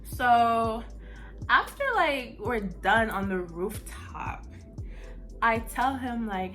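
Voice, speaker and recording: A woman's voice: a little high, extremely slow, soft background music. A young woman telling a story in a casual, blunt way, full of "like" and swearing. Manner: animated, heavy use of "like", blunt and profane. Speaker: vlogger.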